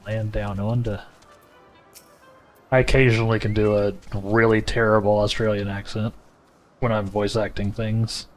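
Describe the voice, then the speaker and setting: Brief: relaxed male streamer, lower voice, chats easily with viewers, faint music underneath. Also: moderate pace. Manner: easygoing, chatty, addresses chat directly. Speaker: livestreamer. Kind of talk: casual chat with viewers while gaming.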